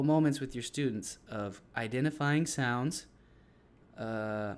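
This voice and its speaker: A man's voice: medium pitch, takes it slowly. A man who teaches English, casually explaining his classroom activities to other teachers in a loose, rambling way with frequent restarts.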